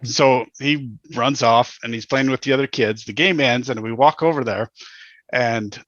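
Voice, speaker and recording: Blunt bright-voiced male podcast co-host. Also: medium pitch, moderate pace, lo-fi sound. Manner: blunt, storytelling, rambling with restarts. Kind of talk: casual chat.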